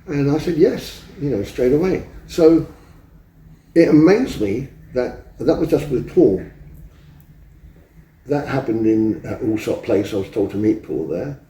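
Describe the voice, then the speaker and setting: A man's voice: mid-range voice, lively intonation, moderate pace, warm tone, a little hiss or hum. A man in his seventies, an interview guest telling rambling anecdotes and acting out the dialogue he remembers. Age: 70s. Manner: rambling, acts out quoted dialogue. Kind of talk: anecdotal storytelling. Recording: roomy echo, distant mic.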